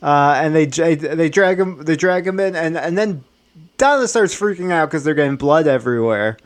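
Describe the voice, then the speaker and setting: A man's voice: fairly high pitch, expressive, moderate pace. A man co-hosting an improv show, casually making up a horror plot with frequent restarts and swearing. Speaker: improv podcast co-host. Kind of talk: improvised storytelling chat.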